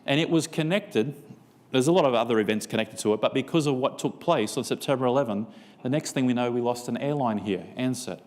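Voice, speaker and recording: A man's voice: medium pitch, brisk, a little mellow, in a large hall. A man preaching a seminar sermon, telling a story and acting out both sides of a conversation. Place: church.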